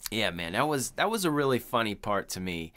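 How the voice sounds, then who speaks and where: A man's voice: fairly low pitch, sing-song, fairly quick, a bit bright. A man co-hosting a podcast in casual chat, rambling and swearing, with lots of "like" and "you know". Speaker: podcast co-host.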